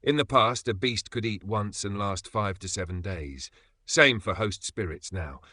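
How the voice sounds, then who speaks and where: A man's voice: fairly low pitch, measured pace, pushed and bright, no echo. A man narrating a comic recap in scripted, dramatic storytelling.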